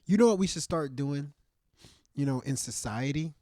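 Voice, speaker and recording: A man co-hosting a podcast, giving his opinions in animated casual chat. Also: fairly high pitch, moderate pace, no echo, studio quality. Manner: animated, opinionated, thinks aloud. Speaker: podcast co-host. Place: podcast studio.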